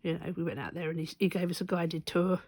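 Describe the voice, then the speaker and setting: A woman with a slightly low voice tells a long, rambling story in a chatty vlog. She sounds amused and often backtracks to correct herself. The sound is dry and close, with little room echo. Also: level tone, fast talker, darkish tone. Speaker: stitching vlogger. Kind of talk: casual anecdotal storytelling.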